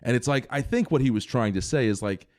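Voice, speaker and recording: A young man co-hosting a podcast, telling stories in a rambling, animated way with lots of fillers. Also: medium pitch, fast talker, dry recording, clean studio sound. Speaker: podcast co-host. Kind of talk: casual chat.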